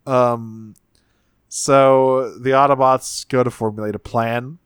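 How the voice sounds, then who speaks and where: A man's voice: medium pitch, steady tone, slow, smooth, dry recording, studio quality. Man swearing through a casual recap. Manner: profane, rambling, acts out quotes. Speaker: podcast co-host.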